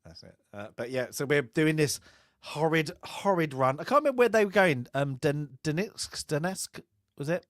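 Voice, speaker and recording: A man's voice: fairly high pitch, animated, normal speed, no echo, studio quality. A man co-hosting a casual film chat, rambling and laughing often. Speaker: podcast co-host.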